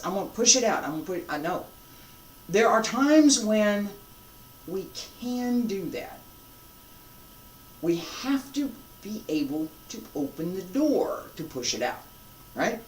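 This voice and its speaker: Qigong instructor, even mid pitch, unhurried guided breathing cues with chatty asides; roomy, off-mic sound. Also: recorded from a distance. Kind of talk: guided breathing lesson with reflective talk.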